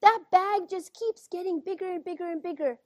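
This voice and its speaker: A woman teacher reading a picture book aloud to children, gently asking them questions as she goes. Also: very high-pitched, brisk, no echo, studio quality. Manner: gentle, questioning, keeps checking in with the kids.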